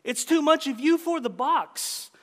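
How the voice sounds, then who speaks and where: A man reading aloud and voicing a detached, sullen young country boy who talks in a flat, offhand way, in a long-reverb hall. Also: very high-pitched, measured pace, voice pushed up. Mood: dry.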